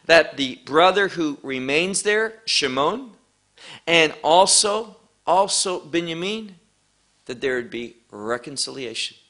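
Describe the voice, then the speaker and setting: A man's voice: a little high, animated, sharp tone. A man teaching a verse-by-verse sermon, asking rhetorical questions and mixing in Hebrew terms. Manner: deliberate, asks rhetorical questions. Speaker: Bible teacher.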